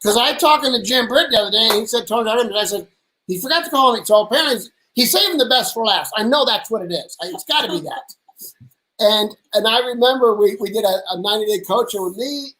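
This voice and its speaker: A man hosting a casual lunch conversation, an energetic storyteller who acts out the people he quotes in animated voices. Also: sits high, fast talker, slight background noise, low-quality recording. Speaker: host. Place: at a lunch table.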